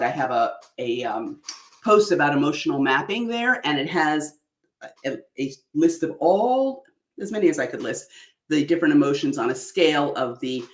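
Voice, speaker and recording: A woman coaching on public speaking in an animated, exaggerated way that is broken up by frequent laughs. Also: deep voice, echoey room. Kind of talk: online workshop talk.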